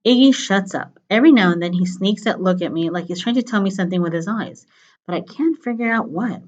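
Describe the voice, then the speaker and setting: A woman reading a novel aloud in a steady, plain storytelling manner, on a dull lo-fi recording. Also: medium pitch, fairly quick. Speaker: reader.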